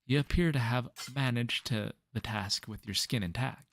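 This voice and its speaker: A man's voice: mid-range voice, moderate pace, a bit bright, no echo, lightly acted. A man reading a male soldier's lines aloud from a game, sounding surprised and pleased.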